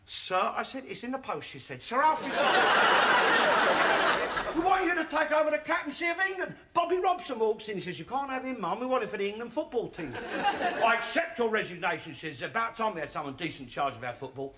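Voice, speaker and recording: Sitcom role: an older Cockney braggart, shrill and loud, over noisy tape with studio laughs. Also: male voice, big pitch swings, quick pace. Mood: boastful. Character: boastful bigoted old working-class Londoner. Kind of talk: sitcom monologue. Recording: sitcom recording with loud background noise and audience laughter.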